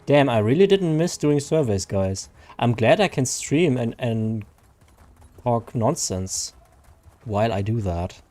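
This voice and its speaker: A man's voice: medium pitch, animated, unhurried, dark tone, faint music behind. Chatty male streamer. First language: German. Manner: rambling, chatty, reads viewer names aloud. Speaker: game streamer. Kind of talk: casual stream chat.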